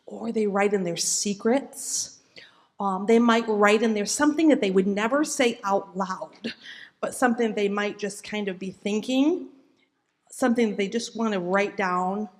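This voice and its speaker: A woman giving a children's sermon in a church, speaking gently and asking the kids questions as she tells the story. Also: mid-range voice. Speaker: children's message leader.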